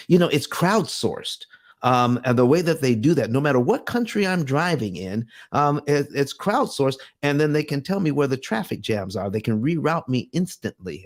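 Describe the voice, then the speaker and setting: Guy hosting a finance livestream, talks right into the cam, pushy and earnest, lots of restarts. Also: medium pitch. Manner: emphatic and earnest, with frequent restarts and repeated phrases. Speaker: host of a personal finance livestream. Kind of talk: motivational livestream talk. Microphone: webcam or desk mic, speaking to camera.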